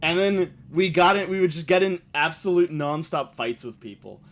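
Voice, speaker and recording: A man's voice: on the high side, normal speed. Profane, loose-talking male game streamer. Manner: loose, profane, reacts aloud while reading. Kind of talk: let's play gaming commentary.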